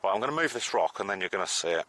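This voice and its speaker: A man chatting casually on a live stream from a beach, excitable and sometimes dropping to a hushed voice. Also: sits low, racing. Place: outdoors on a beach at low tide.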